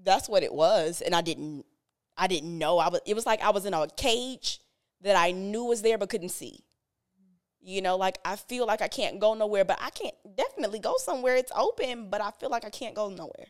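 A woman's voice: mid-range voice, expressive, fairly quick. A woman co-hosting a podcast, telling a personal story in an earnest, direct, conversational way. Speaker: podcast co-host.

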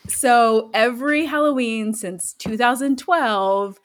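A woman's voice: fairly high pitch, takes it slowly. Laughing woman telling a funny story. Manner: laughs often while telling a story, animated quoted voices. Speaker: podcast co-host. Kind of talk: casual storytelling chat.

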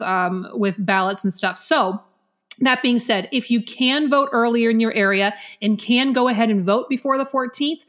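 Brief: American woman podcast co-host, slightly high voice, teasing and mock-serious. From United States. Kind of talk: casual podcast chat.

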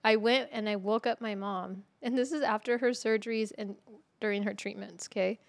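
A woman co-hosting a casual podcast, telling a story in an animated way, swearing freely and laughing through it. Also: medium pitch, normal speed, vocal fry, no room sound. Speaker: podcast co-host.

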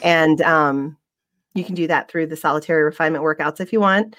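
A woman's voice: low-pitched, fairly quick, a bit bright, no echo, clean studio sound. A woman co-hosting a podcast livestream in a casual chat. She talks in a rambling, chatty way with frequent laughs and restarts. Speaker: fitness instructor.

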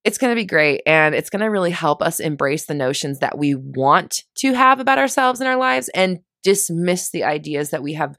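A woman's voice: sits low, lively intonation, moderate pace, hardly any pauses, fairly bright tone, no room sound, clean studio sound. A woman coaching listeners in a casual motivational monologue, chatty and self-mocking when she loses her words.

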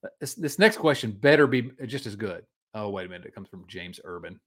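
Man, 40s, Midwestern accent, lively pitch, podcast co-host, laughs easily. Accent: Midwestern American. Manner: animated, chatty, quick to laugh. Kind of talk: casual sports talk.

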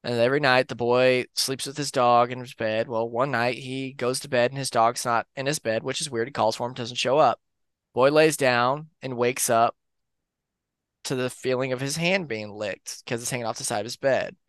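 A man tells urban legends as a podcast co-host, easygoing and rambling. His voice is smooth and clear, sitting in the middle range for a man. The recording is close and dry, with no room sound. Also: mid-range voice, normal speed, dry recording. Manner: relaxed, rambling with fillers and restarts. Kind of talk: casual storytelling of urban legends.

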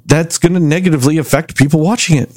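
A man casually reviewing a movie, rambling and animated as he retells scenes. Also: on the high side, fast talker, dry recording. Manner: rambling, animated storytelling with acted quotes. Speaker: movie review podcast host.

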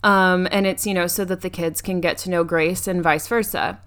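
A young woman talks through a movie's plot in casual podcast chat. Her voice sits a little low and sounds clean and smooth, and she keeps stopping to say um and restart her sentences. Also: fairly even intonation, normal speed, a bit bright. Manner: recounts plot with frequent ums and restarts. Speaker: podcast co-host.

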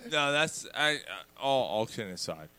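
A man's voice: medium pitch, very animated, normal speed, sharp tone, clear, resonant tone, no room sound. A man in casual banter, crude and profane, making jokes.

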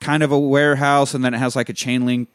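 A man's voice: medium pitch, level tone, clear, resonant tone, no room sound, clean studio sound. A man co-hosting a podcast, recapping a film in casual chat, swearing freely and acting out the scenes. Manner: profane, acts out scenes in quick voices. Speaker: podcast co-host.

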